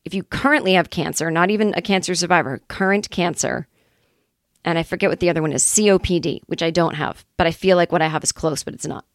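Woman comedian, lowish voice, candid rambling monologue, dry close sound. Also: quick pace, dry recording. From Los Angeles area, California. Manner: candid, rambling, self-deprecating with swearing. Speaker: comedian, podcast host. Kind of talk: casual storytelling monologue.

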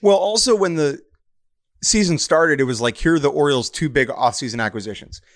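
A man's voice: a little high, fairly quick. Chatty man co-hosting a sports podcast. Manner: animated, quotes others in mock voices. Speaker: podcast co-host. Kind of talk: casual sports chat.

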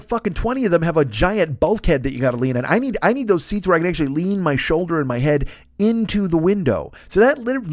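A man's voice: high-pitched, no echo, studio quality. A man, a comedian hosting a podcast, ranting casually and profanely while acting out quotes.

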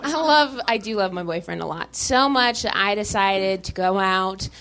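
A young woman doing a stand-up set on a club stage, talking in a deadpan, halting way with many restarts. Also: medium pitch, a little hiss or hum. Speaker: stand-up comedian.

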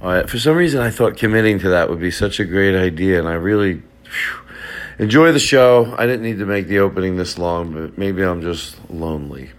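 A man's voice: deep voice, fairly quick, faint music behind. A middle-aged man hosting a podcast, joking in a rambling, casual way. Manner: jokey, rambling, repeats bits for laughs. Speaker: podcast host. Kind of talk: casual comedic chat.

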